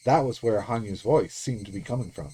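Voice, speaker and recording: A man's voice: lowish voice, brisk, breathy edge. A man streaming himself reading a visual novel aloud, narrating in first person. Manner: steady storytelling read-aloud.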